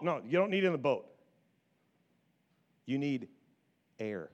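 A middle-aged man preaching a sermon as pastor, animated, often repeating words and acting out quotes from scripture. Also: mid-range voice, measured pace.

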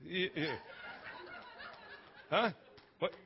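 A man preaching a lively sermon in a church, joking with the congregation and restarting his sentences often. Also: fairly high pitch, drawn-out words, vocal fry, highs cut off, a little hiss or hum. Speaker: pastor. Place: church sanctuary.

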